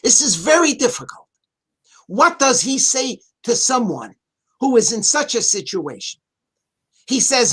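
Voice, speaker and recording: An earnest male rabbi speaks over a video call, teaching a text with steady emphasis. He repeats his key points for weight, reads a phrase in Hebrew, and then translates it. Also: very high voice, unhurried, husky. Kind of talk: Torah talk in an online interview.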